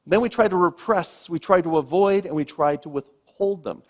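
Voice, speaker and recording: A man who is a minister, giving a sermon in a gentle, reflective way, letting phrases trail off softly. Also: sits high, normal speed, hardly any pauses.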